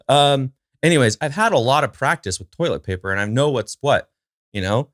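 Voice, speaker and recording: A man's voice: medium pitch, animated, normal speed, no room sound, studio quality. A man hosting his own podcast at home, talking casually from a chair in front of a camera, rambling with lots of fillers and side remarks to his dog. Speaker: podcast host. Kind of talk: casual solo chat. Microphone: recording to a camera.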